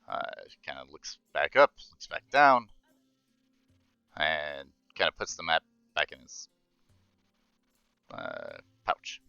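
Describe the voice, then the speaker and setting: A man's voice: rumbling low, sing-song, takes it slowly, long pauses, sharp tone, smooth, no room sound, lo-fi sound, soft background music. A man running a tabletop game as dungeon master on a livestream, chatting casually and reading scene narration. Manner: casual, thinking aloud between scripted narration.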